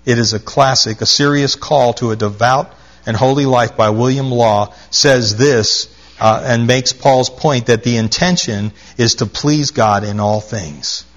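A man's voice: medium pitch, measured pace, muffled recording. A man preaching a sermon, reading scripture aloud and stressing his points by repeating key phrases. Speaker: pastor.

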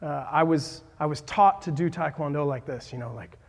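A man in his thirties gives a sermon from a church hall, his voice a bit high for a man. He speaks haltingly, with many fillers, restarts and self-deprecating asides. A long reverb hangs on every phrase. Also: a little mellow. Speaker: pastor.

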